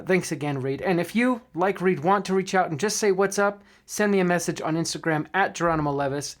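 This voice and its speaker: Upbeat male podcast host. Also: fairly high pitch. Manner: eager and friendly, with small fillers. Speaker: podcast host and dungeon master coach. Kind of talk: upbeat casual podcast talk.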